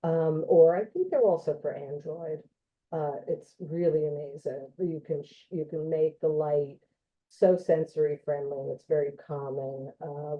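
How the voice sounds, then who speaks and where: A woman occupational therapist giving an informal educational talk in a gentle, conversational way, with frequent ums and you-knows. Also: deep voice. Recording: tinny phone-like online audio.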